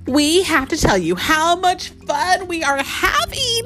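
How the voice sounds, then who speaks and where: A woman voicing a cheerful, friendly girl pig in a storybook read-aloud, eager and bright. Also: very high voice, sing-song, takes it slowly, faint music behind, voice pushed up, heavily acted.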